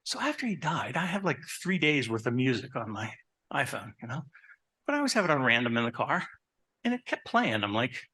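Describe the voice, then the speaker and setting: Therapist type, male, husky and pushy delivery, quizzes the crowd, chatty anecdotes. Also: mid-range voice, a little fast. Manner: animated, asks the audience questions; personal anecdotes, conversational. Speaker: therapist giving a talk. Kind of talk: live presentation to an audience.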